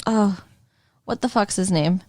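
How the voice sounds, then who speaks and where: A woman co-hosting a podcast in casual chat, easygoing and quick to laugh. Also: medium pitch, darkish tone, dry recording, clean studio sound. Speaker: podcast co-host.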